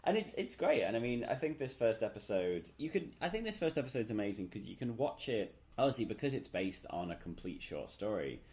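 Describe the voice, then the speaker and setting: A man's voice: lowish voice, very animated, fairly quick, few pauses, a little mellow. A man talking as a podcast guest in a casual chat, hesitant with many fillers and restarts. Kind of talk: casual conversation.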